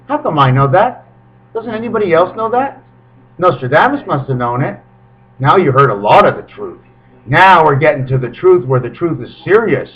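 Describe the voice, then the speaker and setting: High-voiced man rambling into a webcam. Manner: rambling, with sudden swings between high and low pitch. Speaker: webcam video maker. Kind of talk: rambling spiritual monologue. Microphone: webcam microphone. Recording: dull lo-fi webcam audio.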